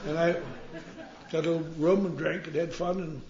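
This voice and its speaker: A man's voice: a little high, steady tone, fast talker, gravelly, noisy background. A man telling his story with wry, self-mocking humor at a recovery meeting. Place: meeting hall. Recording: roomy, dull live recording.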